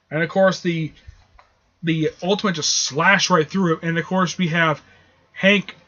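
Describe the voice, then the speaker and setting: Dude rambling thru a comic review, lots of uh and um, high sharp voice, muffled lo-fi mic. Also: male voice, steady tone, unhurried. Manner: rambling, with many fillers and restarts. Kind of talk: casual comic book review. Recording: dull lo-fi audio.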